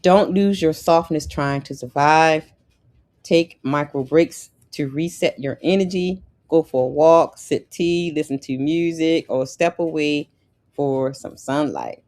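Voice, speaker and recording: Woman w/ giving pep talk to the ladies, lowish voice, says things twice for emphasis. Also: measured pace, darkish tone. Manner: emphatic, repeats key lines, sassy asides. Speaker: lifestyle podcast host. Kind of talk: motivational talk to women.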